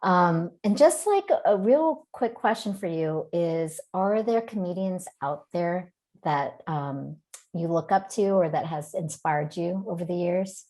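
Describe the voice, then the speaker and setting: A woman's voice: lowish voice, animated, measured pace, darkish tone. Laughing woman hosting an interview. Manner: friendly questions, frequent laughter. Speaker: event host and interviewer. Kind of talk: casual interview. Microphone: video call.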